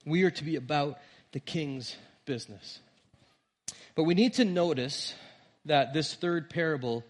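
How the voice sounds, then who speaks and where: A man preaching a sermon to his church, earnest, rising on key words and dropping soft at the ends of phrases. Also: a little high, normal speed. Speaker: pastor.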